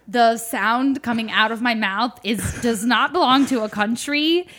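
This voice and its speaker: A young adult woman co-hosting a casual podcast, telling stories with lively, playful energy. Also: on the high side, measured pace. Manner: animated storyteller, plays with voices. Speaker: podcast co-host. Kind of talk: casual chat.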